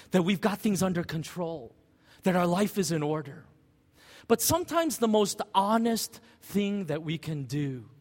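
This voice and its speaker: A middle-aged man preaching a sermon as pastor, telling a personal story and asking the congregation rhetorical questions. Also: a little high. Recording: long church hall reverb.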